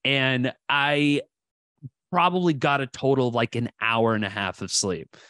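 A man's voice: mid-range voice, measured pace, sharp tone, no room sound. A man co-hosting a podcast, telling stories loosely with lots of fillers and swearing. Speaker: podcast co-host. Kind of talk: casual podcast chat.

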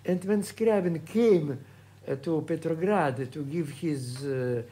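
A man in his eighties from Russia, speaking English with a Russian accent, recalling his past at home in a halting way full of hesitations. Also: fairly high pitch, warm tone. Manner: halting, many hesitations and restarts. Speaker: composer being interviewed. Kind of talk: reminiscing interview.

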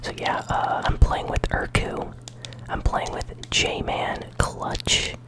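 A channel host whispers slow gameplay commentary while chewing gum, relaxed and chatty with occasional bursts of excitement.

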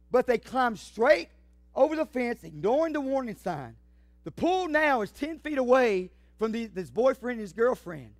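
A man preaching a fiery sermon, swinging from shouts to hushed asides. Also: extremely high pitch, very animated, normal speed, dry recording. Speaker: pastor.

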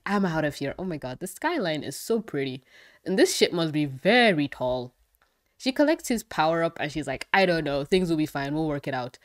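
A woman giving an excitable, casual review of a cartoon episode, swearing freely. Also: lowish voice. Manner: excitable, swearing, laughing often. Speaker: show reviewer.

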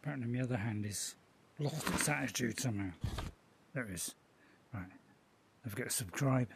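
A man's voice: mid-range voice, brisk, creaky, very noisy. A man giving playful, joking commentary while playing a VR game and chatting to its characters. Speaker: gaming channel host. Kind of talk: casual VR gameplay commentary.

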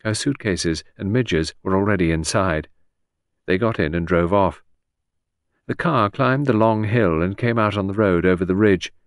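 A man's voice: low-pitched, moderate pace, no room sound, studio quality. A man reading a classic detective novel aloud as an audiobook narrator, giving the characters' lines small shifts of voice. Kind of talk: scripted narration.

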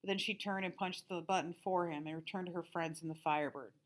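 A teacher reading a novel aloud to her class in a calm, steady storytelling manner. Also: on the low side, quick pace.

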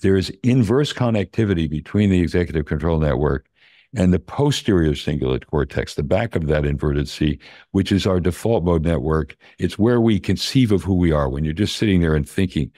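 An older man, a neuroscience professor, calmly explaining brain science in plain terms during a conversation. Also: low-pitched, a little fast, no room sound, studio quality.

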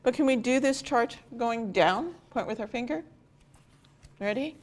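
A woman's voice: on the high side, expressive, a little slow. A woman teacher leading a classroom phonics lesson, praising the students and giving instructions. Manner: encouraging, directing the class.

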